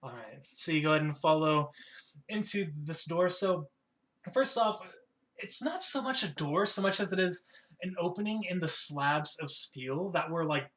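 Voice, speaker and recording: A man's voice: on the high side, expressive, moderate pace, a bit bright. A man narrating a tabletop game as game master, rambling with lots of fillers.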